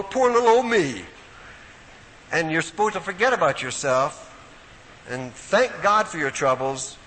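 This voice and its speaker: Older man, sermon-style Bible talk, high bright voice, long hall reverb, faint hiss. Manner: animated, folksy, emphatic with sudden drops to quiet. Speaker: preacher at a Bible study week.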